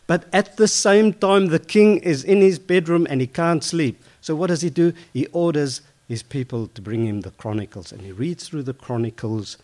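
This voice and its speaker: A man retelling a Bible story informally, lively and conversational, with fillers and self-corrections. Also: mid-range voice.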